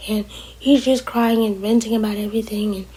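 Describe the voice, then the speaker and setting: A woman casually recapping a TV episode for her vlog, chatty and opinionated, talking back to the characters and sometimes dropping to a hushed near-whisper. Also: medium pitch, steady tone, brisk, breathy edge, low-quality recording. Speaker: TV episode reviewer.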